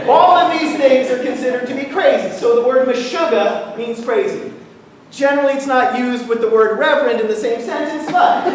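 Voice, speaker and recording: A man's voice: very high voice, background noise. A man telling a playful, jokey story as a sermon at an interfaith service, heard from far off in a large church sanctuary. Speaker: guest speaker at interfaith service. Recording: echoey hall from far off.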